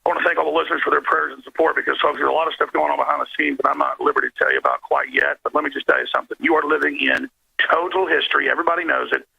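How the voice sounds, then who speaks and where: Radio founder calling in: very gravelly, rambling and emphatic, over a lo-fi phone line. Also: male voice, on the high side, rapid-fire. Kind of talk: talk radio call-in.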